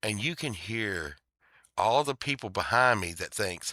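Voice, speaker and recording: A man's voice: lowish voice, expressive, a little slow, bright, forceful tone, dry recording, clean studio sound. A man telling a story in an angry, swearing rant, acting out the other people in it. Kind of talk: casual profane storytelling rant.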